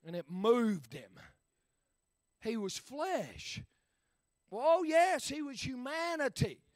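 A preacher with a very high-pitched voice, recorded close and dry with almost no room sound. He delivers his sermon in rhythmic bursts, filling the gaps with "uh" and dropping from shouts to near-whispers. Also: sing-song, slow, dry recording.

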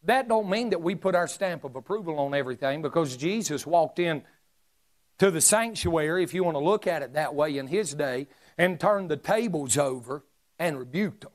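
A high-pitched man preaching with fervor. He calls out to his congregation, rising and falling as he drives each point home. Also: animated, moderate pace. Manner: fervent preaching with call-and-response asides. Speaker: pastor. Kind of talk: sermon.

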